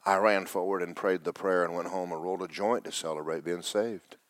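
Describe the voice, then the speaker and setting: A middle-aged male pastor preaching, his voice tearful, dropping to whispers and rising to loud cries. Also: deep voice, fairly even intonation, a little fast, no echo. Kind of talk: sermon.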